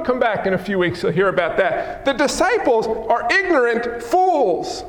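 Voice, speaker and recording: A male pastor preaching a lively, teasing sermon, acting out scenes in a church sanctuary. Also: sits high, normal speed, few pauses. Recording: echoey hall with long reverb.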